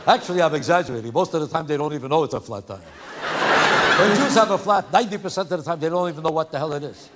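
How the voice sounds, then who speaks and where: A male stand-up comedian doing a routine with punchy, animated joke delivery. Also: a little high, fast talker. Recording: noisy live recording.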